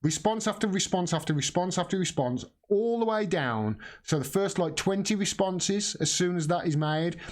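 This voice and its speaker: A man's voice: high-pitched, expressive, normal speed, hardly any pauses. A middle-aged man hosting a live political commentary stream, rambling with many restarts and blunt swearing.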